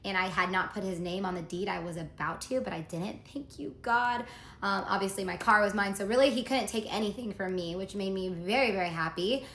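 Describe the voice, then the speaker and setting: A woman's voice: medium pitch, a little fast, fairly bright tone, echoey room. Chatty woman telling a dramatic story. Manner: chatty, dramatic retelling with quoted texts. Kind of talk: casual storytime vlog.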